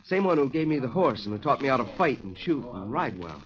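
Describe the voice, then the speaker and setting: Earnest man playing a fourteen-year-old boy, calm and firm, lively pitch, 1940s radio acting, lo-fi old recording. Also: brisk, lightly acted.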